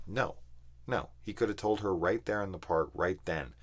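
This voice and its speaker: Very deep-voiced man ranting profanely. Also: normal speed. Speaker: film reviewer. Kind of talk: casual ranting review.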